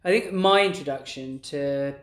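A man's voice: mid-range voice, moderate pace. Middle-aged male co-host, casual and rambling, recorded in an echoey room. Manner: rambling, many restarts and "like"s. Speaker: podcast co-host. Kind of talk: casual conversation. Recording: roomy echo.

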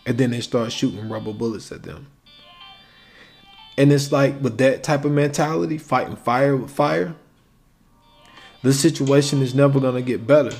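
A man's voice: mid-range voice, moderate pace, creaky, pauses often, darkish tone. Casual male podcaster, faint music behind. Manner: casual, conversational, acts out quoted exchanges. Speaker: podcast host. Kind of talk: solo podcast commentary.

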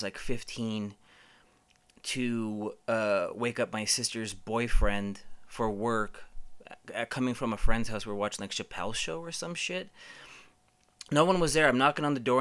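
Man telling stories in a bright voice. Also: lowish voice, clean tone. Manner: profane, rambling, many fillers. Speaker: podcast host. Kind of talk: casual storytelling.

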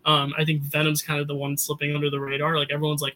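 A young man talks through a movie review with his co-host in a loose, chatty way, full of quick asides and filler words. His voice sits a little high and carries a bright, forceful edge. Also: little pitch movement, rough recording. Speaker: podcast co-host. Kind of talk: casual movie review chat.

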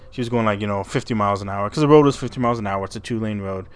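Low-pitched guy rambling through a creepy story, trips over his words a lot, swears. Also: racing, few pauses. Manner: rambling, stammers and repeats words, swears freely. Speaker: podcast host. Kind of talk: casual storytelling.

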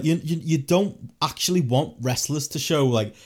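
A man co-hosting a wrestling podcast, ranting in sweary, animated casual chat. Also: on the high side, moderate pace. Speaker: podcast co-host.

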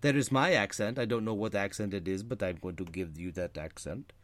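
A man's voice: fairly low pitch, brisk. A man co-hosting a podcast in casual chat, rambling with lots of fillers and restarts. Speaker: podcast co-host.

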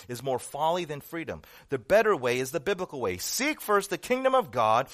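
A man's voice: mid-range voice, fairly bright tone. A male pastor preaching a sermon, emphatic and full of rhetorical questions and repetition.

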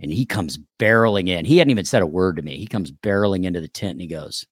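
A man's voice: sits low, fast, few pauses, husky, no echo, studio quality. A man, an actor, telling a story in casual chat and acting out the people he quotes. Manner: animated, acts out quoted dialogue. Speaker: actor guest.

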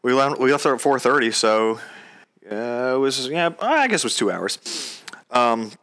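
A young man tells a long personal story in a loose, casual way, swearing as he goes and voicing both sides of a conversation himself. His voice is bright and forward, with a crisp, clean tone. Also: mid-range voice, lively intonation, a little slow. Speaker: storyteller recounting his proposal.

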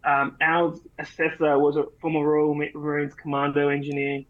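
A man's voice: fairly high pitch, monotone, normal speed, narrow, tinny audio. An Australian man on a podcast telling a story in a laid-back, rambling, profane way. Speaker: podcast co-host. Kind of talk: casual chat.

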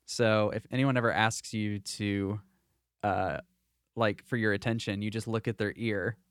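A man's voice: on the low side, steady tone, measured pace, smooth, no room sound, clean studio sound. A man hosting a casual podcast chat, rambling with fillers and restarts. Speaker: podcast host.

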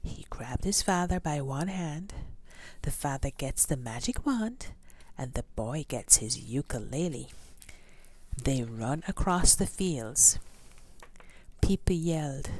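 Low-voiced woman reading a storybook. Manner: expressive, with sound effects and questions to listeners. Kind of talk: storybook read-aloud.

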